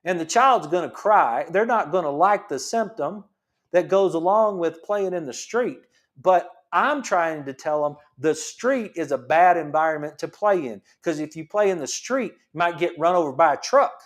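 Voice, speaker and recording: Middle-aged male show host, slightly raised pitch, passionate, emphatic, answers his own questions. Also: lively intonation, moderate pace. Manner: emphatic, repetitive rhetorical questions. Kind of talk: passionate monologue.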